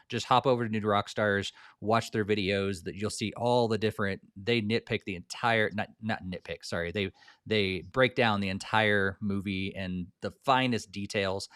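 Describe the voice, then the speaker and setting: A man hosting a casual podcast, relaxed and hedging, with a lot of fillers. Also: lowish voice, clear, resonant tone, no room sound, clean studio sound. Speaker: podcast host.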